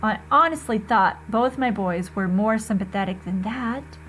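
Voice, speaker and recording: A woman teacher reading a novel aloud to her students, expressive and conversational, talking to the class directly. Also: medium pitch, a little slow, a little hiss or hum.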